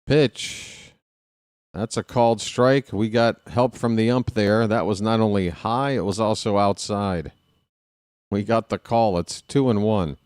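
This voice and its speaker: A man streaming casual live baseball play-by-play, chatting with viewers and reading out their names between pitches. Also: unhurried, a little mellow, smooth, no echo, studio quality. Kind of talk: live play-by-play with chat shout-outs.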